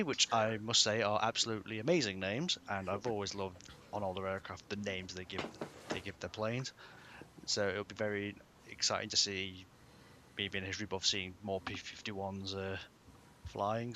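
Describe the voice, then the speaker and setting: A man's voice: lowish voice, bright, forceful tone, a little hiss or hum. A man co-hosting a podcast, talking casually and hesitantly, stumbling over words. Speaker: podcast co-host. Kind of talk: casual chat.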